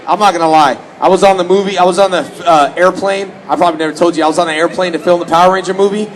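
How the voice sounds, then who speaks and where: A man's voice: high-pitched, rapid-fire, rough recording. A man from Houston, around his late thirties, telling joking stories to fans as a convention panel guest, often slipping into mock voices. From Houston, Texas, US. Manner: joking, animated, slips into mock voices for quotes. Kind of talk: casual storytelling to a fan audience.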